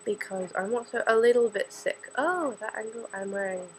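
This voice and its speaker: Brief: late-teen Australian girl, slightly high voice, rambling self-mocking vlog chatter full of ums. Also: moderate pace, a little hiss or hum, low-quality recording. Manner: chatty, scattered, self-deprecating, many fillers. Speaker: student vlogger.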